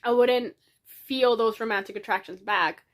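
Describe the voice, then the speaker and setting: A young woman speaks into her camera in a casual diary vlog, her fairly high voice tearful as she cries. She rambles and stops herself often, restarting her sentences. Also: a bit bright. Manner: rambling, halting, frequent restarts and fillers. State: tearful, crying. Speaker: vlogger. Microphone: camera in front of her.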